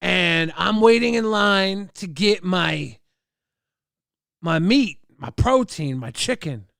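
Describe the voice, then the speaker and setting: A man's voice: sits high, gravelly, clear, resonant tone, dry recording, studio quality. A man hosting a livestream, telling a boisterous, profane, exaggerated comic story to his chat. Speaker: livestream host.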